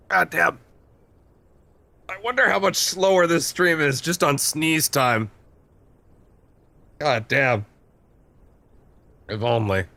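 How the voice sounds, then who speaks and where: A man's voice: a little high, slow pace, creaky, pauses often, pushed and bright, dry recording. A man streaming a game, giving rambling, self-interrupting casual commentary and swearing freely. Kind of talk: casual let's-play commentary.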